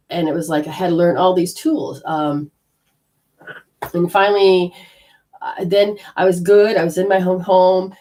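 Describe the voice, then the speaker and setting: A middle-aged woman from Australia shares a personal story in a loose, conversational way. Her voice sits on the low side, and she keeps leaping up in pitch to act out her own panicked inner voice. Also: dark tone. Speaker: energy healing teacher.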